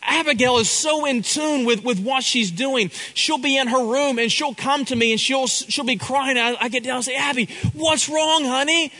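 A man's voice: very high-pitched, moderate pace, few pauses, pushed and bright, rough recording. A middle-aged man preaching a sermon, earnest, often repeating and restarting his words.

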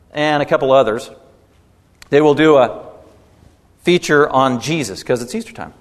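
Guy preaching a sermon, kinda high voice, pushes hard on key words, big echoey hall sound. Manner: emphatic preaching with rising, swelling stresses. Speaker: pastor. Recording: long hall reverb.

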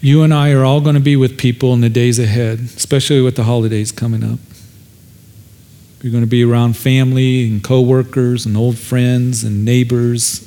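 A man's voice: medium pitch, mellow. A male pastor preaching a sermon, retelling scripture dramatically and repeating his key points for emphasis.

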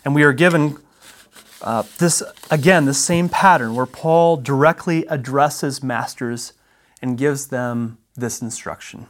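A man giving an expository Bible lesson in a measured, emphatic way, pausing between phrases and reading verses aloud. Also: mid-range voice. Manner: reads scripture verses aloud. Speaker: Bible teacher.

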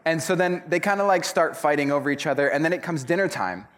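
A man preaching a sermon, retelling a parable in a casual, animated storytelling way. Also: a little high, quick pace. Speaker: pastor.

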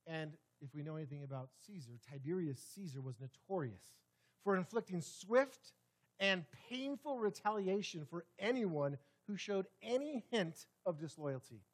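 A man preaching a sermon in a church sanctuary, swinging dramatically between loud, forceful passages and hushed ones. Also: sits high, animated, measured pace. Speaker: pastor.

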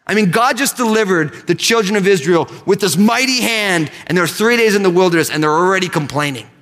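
Bright, high-voiced preacher in a reverberant hall. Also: male voice, a little fast. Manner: animated preaching, leads congregation in call-and-response. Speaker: pastor. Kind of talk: sermon. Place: church sanctuary.

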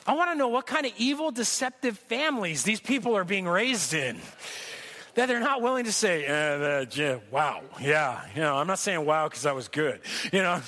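Bright, high-voiced preacher man. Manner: animated, jokey storytelling to a congregation. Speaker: pastor. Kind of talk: sermon. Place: church sanctuary.

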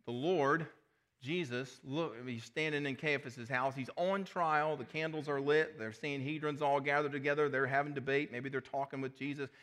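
A man preaching a sermon as pastor, animated, retelling scripture as a vivid story. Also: mid-range voice.

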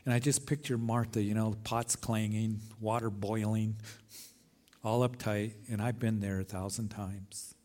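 A man's voice: fairly low pitch, fairly even intonation, unhurried, a little mellow. Earnest male pastor preaching outdoors. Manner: earnest preaching, rising emphatic phrases. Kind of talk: sermon. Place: outdoor service.

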